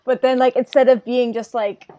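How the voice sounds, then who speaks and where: A woman's voice: a little high, little pitch movement, normal speed, warm tone. A woman co-hosting a podcast, recapping an episode in casual, rambling chat full of "like". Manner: chatty, rambling, frequent "like" fillers. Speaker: podcast co-host.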